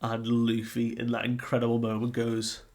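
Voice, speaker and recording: A man's voice: mid-range voice, completely flat delivery, normal speed, creaky, darkish tone. A man hosting a casual comic review, laid-back, laughing often and acting out scenes.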